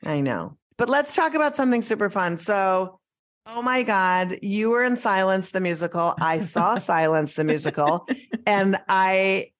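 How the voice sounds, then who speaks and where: A woman's voice: medium pitch, lively intonation, a little slow. A woman hosting a podcast in casual chat, gushing and enthusiastic, swearing freely. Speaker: podcast host.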